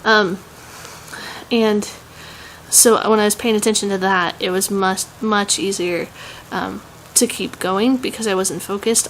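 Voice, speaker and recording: A woman's voice: medium pitch, fairly even intonation, measured pace, a bit bright, slight background noise, low-quality recording. A young woman with a Southern US accent, chatting casually in a home vlog, rambling with many "um"s and laughs. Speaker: vlogger.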